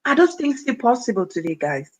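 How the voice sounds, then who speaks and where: A woman's voice: a little high, sing-song, fairly quick, slightly rough, low-quality recording. Chatty Cameroonian woman livestreaming. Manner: chatty, addresses viewers directly and reads out comments. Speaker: livestream host. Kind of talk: casual livestream chat.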